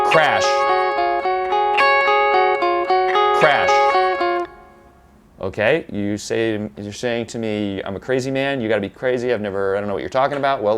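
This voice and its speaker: A man with a lowish voice walks through a guitar part in a tutorial. He explains patiently, counts beats aloud and sometimes stops to correct himself, with an electric guitar playing faintly behind him. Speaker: guitar teacher.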